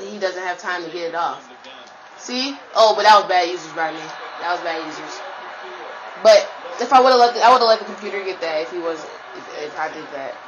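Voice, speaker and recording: A woman giving live commentary while playing a football video game, trash-talking her opponent and breaking into sudden high shouts. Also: lo-fi sound, a little hiss or hum.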